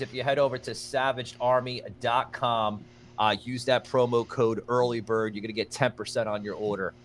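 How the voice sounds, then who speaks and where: A man's voice: lowish voice, fairly bright tone. A man talks loosely into his mic, hosting a podcast stream with plenty of fillers and restarts. A faint hum sits under the voice. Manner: rambling, thanks viewers by name. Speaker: podcast host. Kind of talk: livestream podcast chat.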